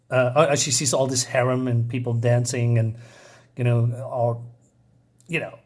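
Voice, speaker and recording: A man reviewing a comic book in a casual, rambling way, chuckling often and stopping for fillers. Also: medium pitch.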